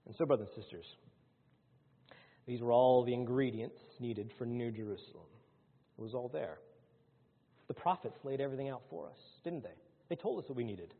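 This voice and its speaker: A man preaching a sermon to his congregation, swinging between loud, rising lines and hushed ones. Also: mid-range voice, moderate pace, pauses often, slightly rough. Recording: phone-like sound in a large hall.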